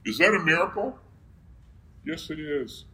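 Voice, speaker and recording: A man's voice: on the high side, expressive, a little slow, pushed and bright, poor audio. A man preaching a sermon who reads scripture aloud and keeps asking his listeners questions, then answering them himself.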